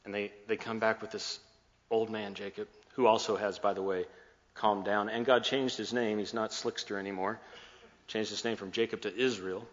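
In a muffled, echoey hall recording, a pastor gives a sermon that casually retells a scripture story, voicing the dialogue and adding jokes. He speaks at a normal speed in a lowish, steady voice.

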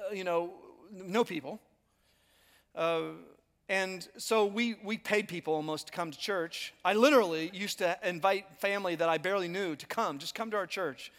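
A man's voice: sits high, a bit bright. A male pastor delivering a sermon, telling stories in a conversational, self-deprecating way. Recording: long hall reverb.

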